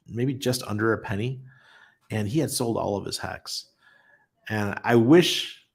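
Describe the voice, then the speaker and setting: Middle-aged man, fairly low voice, casual livestream host, chatty storyteller, laughs easily. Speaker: host of a crypto channel.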